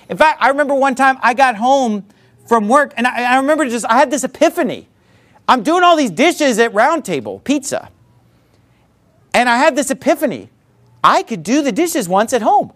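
A man's voice: very high-pitched, sing-song, normal speed, a bit bright. A male pastor preaching a sermon in a conversational, storytelling manner, full of frequent asides.

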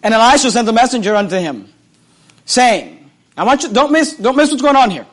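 A man preaching a sermon, reading scripture aloud and retelling it with animated, repeated phrases that swing between loud and hushed. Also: extremely high pitch, a little fast.

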